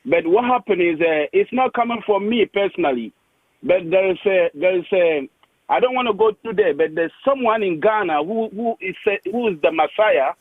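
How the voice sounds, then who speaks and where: A man's voice: high voice, lively intonation, normal speed, dry recording. A man calling into a talk show, laughing and rambling, repeating himself as he goes. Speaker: caller. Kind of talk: phone-in call. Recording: tinny phone line.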